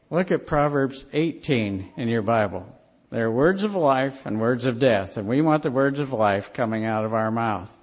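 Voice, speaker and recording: A man preaching a sermon, telling stories in slow, emphatic phrases. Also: mid-range voice, animated. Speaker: pastor. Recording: dull lo-fi recording.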